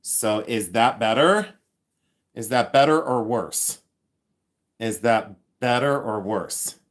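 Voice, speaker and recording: Chatty, excitable man hosting a live stream. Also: mid-range voice, slow. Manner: chatty and excitable, thinks aloud with many restarts. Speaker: livestream host and reseller. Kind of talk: casual live-stream chat reading viewer comments.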